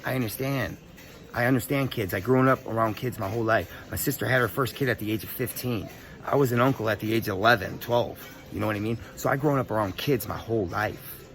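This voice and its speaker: A young man telling a story in a casual, profane, animated rant full of street slang. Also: fairly low pitch, quick pace. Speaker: vlogger.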